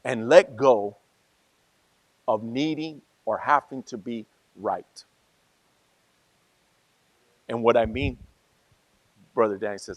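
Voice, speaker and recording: Male pastor, sermon, slow unhurried delivery, dry close sound; drifts from quiet asides to loud emphatic peaks. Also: mid-range voice, dry recording. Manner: conversational preaching, swinging from soft asides to loud emphatic peaks.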